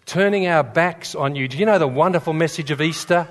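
A man's voice: on the high side, a little fast. A man preaching a sermon in a church, telling stories with humor and building to fervent emphasis. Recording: long reverb in a large hall.

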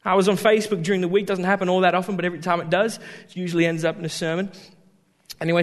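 A man preaching a sermon as a pastor, talking in an animated way that swings from loud emphasis to quiet asides. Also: high voice, in a large hall.

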